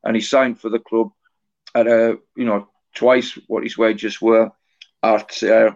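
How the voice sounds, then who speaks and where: A man in his forties tells a story as an interview guest, stopping and restarting, doubling words as he gathers his thoughts. His pitch stays flat and barely moves. The recording sounds dull and lo-fi. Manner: halting, often repeats words and restarts. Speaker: author guest.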